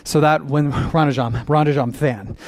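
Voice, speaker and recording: A young man leads a dance class in an upbeat, encouraging way, counting out each step. His voice sits a little high, and the sound is dry and close. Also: fairly even intonation, moderate pace, dry recording. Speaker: dance teacher.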